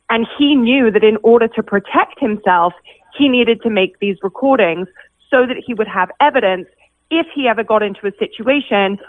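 A woman journalist joining a broadcast remotely, giving a measured, steady analysis. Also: on the high side, no echo. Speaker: journalist guest. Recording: tinny phone line, dry.

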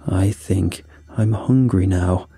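A man voicing a monstrous father creature who speaks in a low, slow, menacing growl. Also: vocal fry, warm tone, breathy edge, no room sound, faint music behind, full character voice.

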